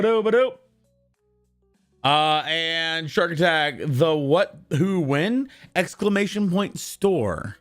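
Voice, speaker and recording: A young man hosts a live stream and chats to his viewers in an upbeat, rambling way, his voice slightly worn and hoarse. His pitch sits a bit high and swings widely as he talks. Faint music plays softly under his voice. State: losing his voice. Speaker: streamer greeting chat. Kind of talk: casual live-stream chat.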